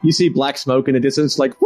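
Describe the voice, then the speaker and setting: A man's voice: mid-range voice, darkish tone, dry recording. A man narrating as game master of a tabletop role-playing game, casual and laughing often.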